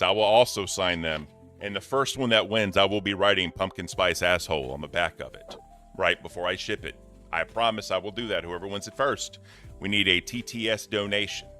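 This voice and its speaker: A man with a deep voice hosting a casual livestream, announcing giveaways in a laid-back way. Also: sharp tone. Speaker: livestream host.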